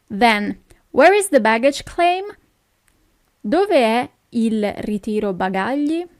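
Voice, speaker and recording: Italian lady teaching phrases, slow and patient, repeats stuff, bit high voice, dry close sound. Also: no echo. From Italy. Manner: patient, repeats each phrase slowly, checks in with "okay?".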